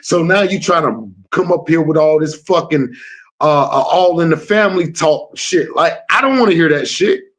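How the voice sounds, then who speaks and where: A man's voice: a little high, animated, normal speed, a bit bright. Brash, profane male streamer. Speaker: livestream host. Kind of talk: live stream rant.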